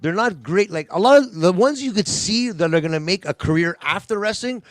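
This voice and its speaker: Guy with a high voice, animated, repeats stuff, dry close sound, casual podcast chat. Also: fairly quick, no room sound. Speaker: podcast co-host. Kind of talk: casual chat on a video call.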